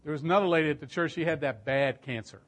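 A middle-aged man preaching a storytelling sermon, emphatic and swelling louder at key points. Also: on the high side, fast talker.

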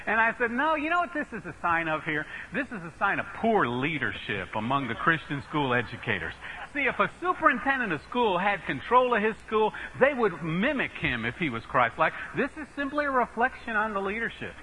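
A middle-aged preacher man from the northeastern US tells a sermon story with lively, emphatic energy and a self-mocking streak. His voice sits a little high and rings very bright and forceful. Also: a little fast, slight background noise, rough recording. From northeastern United States. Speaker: Baptist preacher.

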